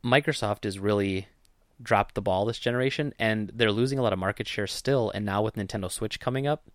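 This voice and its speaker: A man's voice: fairly low pitch, fairly quick, no room sound, clean studio sound. A man co-hosting a podcast, talking in a casual, rambling way with lots of fillers and jokes. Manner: rambling, filler-heavy, joking. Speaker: podcast co-host. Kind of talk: casual chat.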